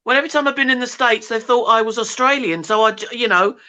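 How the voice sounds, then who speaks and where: A woman's voice: a little high, fast talker, sharp tone. A woman, a guest in a casual chat, speaking in a chatty way with short interjections.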